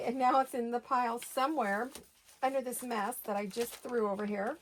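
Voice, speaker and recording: A woman's voice: fairly high pitch, fairly even intonation, moderate pace, a little hiss or hum. A woman in her sixties hosting a craft video from her home studio, chatting in a rambling, think-aloud way. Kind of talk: casual chat while crafting.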